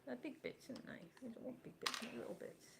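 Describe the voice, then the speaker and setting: A woman's voice: high-pitched, steady tone, quick pace, creaky. A woman in her sixties chatting casually and teasing dryly while building a model at home. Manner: dry, teasing remarks. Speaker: co-host, mother. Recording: noisy home recording.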